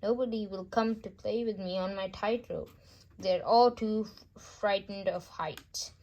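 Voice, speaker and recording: A woman's voice: medium pitch, unhurried, a little mellow, close to an everyday voice, low-quality recording. A woman reading aloud voices a lonely young girl acrobat who pleads for company. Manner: plaintive, pleading storybook voice.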